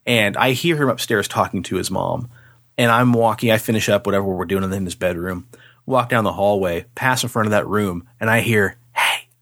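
Animated man telling a ghost story, dry sound. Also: on the low side, brisk, no room sound. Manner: animated, swears freely, acts out voices. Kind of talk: casual storytelling.

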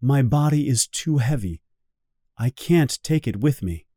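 A man reading the part of a gentle, sad little boy prince in a storybook, in a soft and wistful way. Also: mid-range voice, expressive, a little slow, no echo, clean studio sound.

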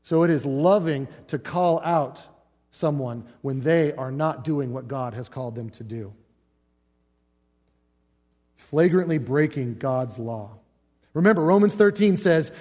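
A man's voice: a little high, animated, a little slow, long pauses, darkish tone, in a large hall. A male pastor preaching a sermon, emphatic, building lists and asking rhetorical questions.

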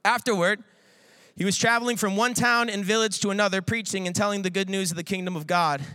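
High bright-voiced young male preacher. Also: fairly even intonation, fast talker, smooth, no echo. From Iowa, US. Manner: playful, lots of filler words, acts out quoted voices. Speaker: guest preacher. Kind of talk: energetic casual sermon.

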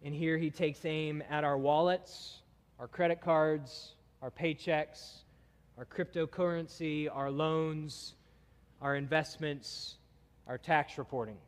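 A man's voice: a little high, fairly even intonation, slow. Man preaching in an echoing sanctuary. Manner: emphatic, building in intensity through lists. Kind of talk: sermon. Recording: long hall reverb.

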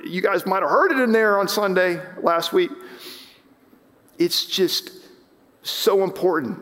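A male pastor preaching a sermon in a church sanctuary, his slightly raised voice swelling with passion and then dropping low. He often stumbles and restarts mid-sentence as he pushes a point. A long reverb trails each phrase. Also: unhurried, a bit bright. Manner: impassioned, rising and falling with emphasis, frequent restarts.

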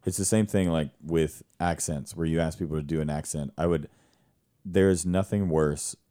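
A man, a stage actor and director, chatting casually and telling animated stories with frequent laughter. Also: a bass voice, moderate pace. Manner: animated storyteller, laughs often. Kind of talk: casual conversation.

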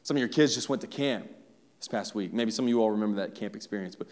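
A male pastor with a fairly low, slightly mellow voice speaks fast, delivering a sermon conversationally and directly to his congregation. The sanctuary lends the recording a long, hall-like reverb.

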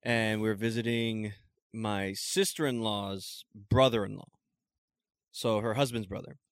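A man from California in casual podcast chat, telling a story in a relaxed, laughing way. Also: lowish voice, unhurried, smooth, dry recording, studio quality. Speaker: podcast co-host.

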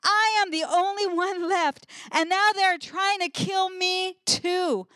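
A weary male prophet pours out his complaint, as a woman puts him on. The voice climbs high and pleads with mounting desperation. It is recorded close and dry with no room around it. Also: steady tone, slow pace, bright, forceful tone, dry recording, exaggerated voice. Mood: desperate.

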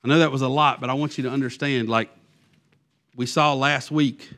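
A man's voice: medium pitch, fairly even intonation, moderate pace, a bit bright. A man who is a youth pastor, giving a sermon in a conversational, self-deprecating way, with many fillers and restarts.

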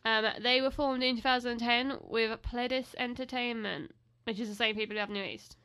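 Chatty young woman with a high bright voice. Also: normal speed, clear, resonant tone. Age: young adult. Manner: teasing, chatty. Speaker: podcast co-host. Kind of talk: casual chat.

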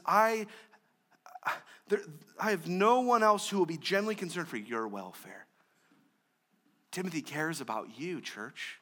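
Preaching conversationally, a young man serving as pastor slips jokes in as he goes. His delivery moves from loud, emphatic moments down to soft, low-pitched lines.

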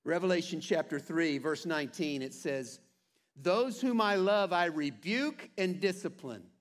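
A pastor preaching a sermon to his church with earnest, animated delivery and playful asides. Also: a little high, a little slow. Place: church sanctuary.

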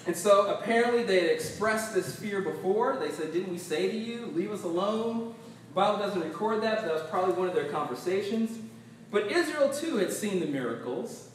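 A man preaching a sermon as pastor, animated and laughing often as he acts out the voices in the text. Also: high voice, recorded from a distance, a little hiss or hum. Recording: very echoey hall, voice from off mic.

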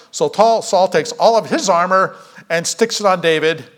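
A man's voice: high-pitched, moderate pace. A man preaching a casual Bible story sermon, acting out the characters' lines as he tells it. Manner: animated, acts out characters' lines.

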